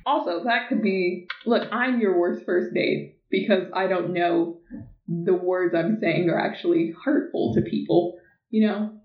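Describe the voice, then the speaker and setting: A young adult woman co-hosting a podcast, chatting casually in a blunt, profane, animated way. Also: fairly low pitch, a little slow. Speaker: podcast co-host. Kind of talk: casual chat. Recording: echoey room, tinny phone-like sound.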